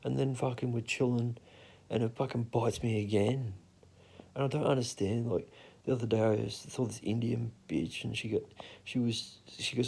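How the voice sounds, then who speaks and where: A man's voice: medium pitch, steady tone, moderate pace, creaky, darkish tone, slightly rough. A young man with an Australian accent telling rambling, crude stories in casual talk and swearing freely. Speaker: storyteller. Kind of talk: casual storytelling.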